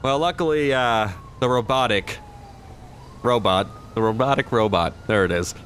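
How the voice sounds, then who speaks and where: Playing a shop clerk in an online roleplay game, this young man speaks at a normal pace in a mid-range, slightly bright voice, with a little hiss or hum in the background. The talk is casual commentary and in-character chat, with occasional swearing and drawled action emotes.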